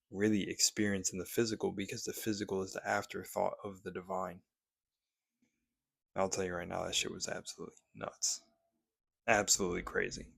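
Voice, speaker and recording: Gravelly low-voiced man giving pep talk. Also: a bit bright, dry recording, studio quality. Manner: laid-back, swears freely, preachy encouragement. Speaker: spiritual vlogger. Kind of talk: casual motivational monologue.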